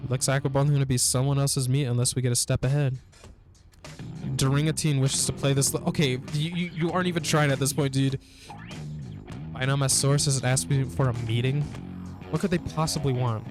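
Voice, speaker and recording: This man, a gameplay streamer, speaks briskly in a mid-range voice while playing a narrative game, reading its text and reacting with frequent laughs and curses. Guitar music plays behind him.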